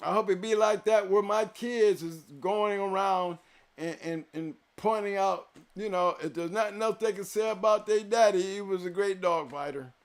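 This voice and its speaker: A man with a notably high voice holds forth on his live show, hammering his points home and repeating them for weight. He swings from loud, emphatic declarations down to low, quiet reflection. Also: normal speed, smooth. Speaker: show host. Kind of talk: live-stream chat to viewers.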